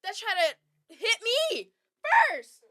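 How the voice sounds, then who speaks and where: A young woman co-hosting a casual chat podcast, telling a story with animated acted-out quotes and plenty of swearing. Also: extremely high pitch, slow pace, heavy background noise. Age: young adult. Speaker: podcast co-host.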